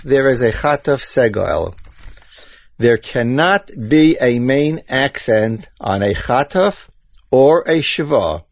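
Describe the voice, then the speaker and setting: A man giving a measured lecture on Hebrew grammar, using Ashkenazi Hebrew pronunciation and spelling out terms with care. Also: mid-range voice, dry recording. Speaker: Torah teacher. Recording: dull, dry lo-fi recording.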